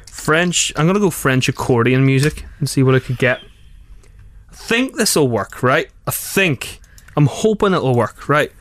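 Lively, teasing male radio host. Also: mid-range voice, a little slow. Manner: lively, teasing, laughs often. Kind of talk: casual studio banter. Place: radio studio. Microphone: studio microphone.

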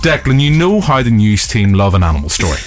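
A man reading a light news story on breakfast radio, excitable and playful. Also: on the low side, quick pace, faint music behind. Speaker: news presenter.

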